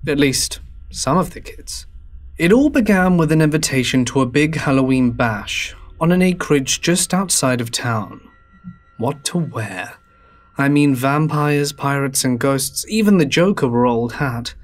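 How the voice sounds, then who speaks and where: A man narrating a horror story in a low, hushed, drawn-out delivery. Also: lively intonation.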